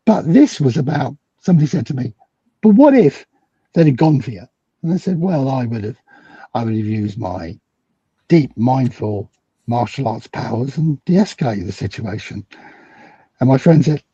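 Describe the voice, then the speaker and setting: A middle-aged British man recounts a story on a remote call and acts out every line of quoted dialogue. His voice swoops from low to high, and it is raspy with a dark, mellow tone. The sound is dry and muffled, like lo-fi video-call audio. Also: no echo. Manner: acts out quoted dialogue with big swings in pitch. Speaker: guest psychologist. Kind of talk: animated storytelling in a conversation.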